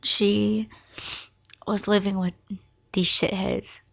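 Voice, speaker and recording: A woman's voice: mid-range voice, little pitch movement, slow, vocal fry. A young woman hosting a podcast, telling a personal family story in a candid, emotional way and swearing freely. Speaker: podcast host.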